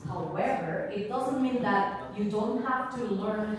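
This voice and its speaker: Woman, Indonesian accent, lecturer, slow deliberate delivery, animated examples, roomy hall echo. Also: mid-range voice, background noise. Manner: slow, expressive, acts out examples with swinging intonation. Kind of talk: live workshop presentation. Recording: echoey hall, voice from far off.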